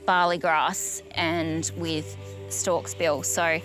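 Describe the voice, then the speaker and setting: A young Australian woman and goat breeder talking in a relaxed, matter-of-fact way outdoors on her farm. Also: low-pitched, drawn-out words, faint music behind, poor audio. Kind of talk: documentary interview on her farm. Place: outdoor farm paddock with goats.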